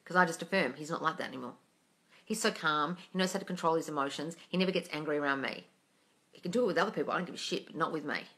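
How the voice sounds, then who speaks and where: A young woman chats through a live Q&A in a bright, forceful voice that sits on the low side. She is blunt and sweary and calls viewers darling as she answers their comments. The delivery is casual and unscripted. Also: rapid-fire. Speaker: manifesting coach and livestream host.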